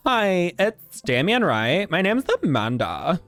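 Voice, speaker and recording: Man voicing a dramatic teen girl, formal, raised pitch, lively. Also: slow pace, faint music behind, heavily acted. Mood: theatrical.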